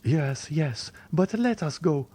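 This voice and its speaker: A man's voice: fairly high pitch, animated, slow pace, warm tone, husky, pitched above the performer's own voice, heavily acted. Man voicing a fiery young Greek ward. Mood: passionate. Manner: passionate, urgent.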